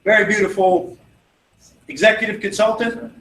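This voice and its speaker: A man's voice: high voice, steady tone, normal speed, fairly bright tone. A man giving a motivational sales training talk, telling stories and acting out both sides of the conversations with confidence. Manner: acts out dialogue in anecdotes, confident and persuasive. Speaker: network marketing trainer. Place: event venue. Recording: echoey room with faint noise.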